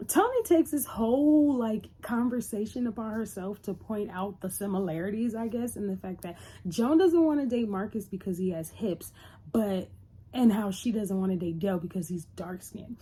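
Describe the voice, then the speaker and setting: A woman's voice: medium pitch, lively intonation, normal speed, dark tone, husky. A woman casually recapping a TV episode in a loose, chatty retelling. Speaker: TV reviewer.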